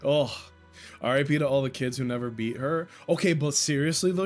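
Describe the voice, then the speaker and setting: A man's voice: mid-range voice, moderate pace, soft background music. A man streaming a game, joking with his chat, swearing and laughing often. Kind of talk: live gameplay commentary.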